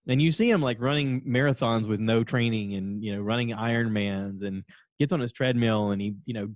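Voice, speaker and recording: Guy rambling on his own podcast, average pitch, super dry close mic, jumps into high silly voices quoting folks. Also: a little mellow, dry recording. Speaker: podcast host. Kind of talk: casual solo podcast chat.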